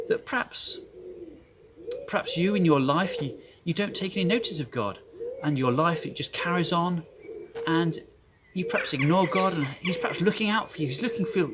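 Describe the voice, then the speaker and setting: A man tells a Bible story to young children, slowing down and stressing words for effect. His voice sits a little high for a man. Faint noise hums underneath. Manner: animated, emphatic storytelling. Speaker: children's club leader.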